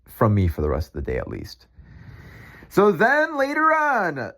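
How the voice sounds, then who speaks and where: A man's voice: high-pitched, wildly swooping pitch, a little slow, vocal fry, pushed and bright. Rambling man telling a story. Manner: rambling, heavy on filler words, profane. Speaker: podcast host and ice cream vendor. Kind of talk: casual storytelling monologue.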